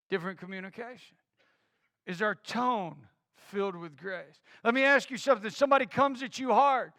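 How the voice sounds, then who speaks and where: A middle-aged male pastor preaches with a strikingly high, bright voice that carries a gravelly rasp. He builds his sermon on repeated rhetorical questions. The sound is dry and close, with no room around it. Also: brisk, dry recording.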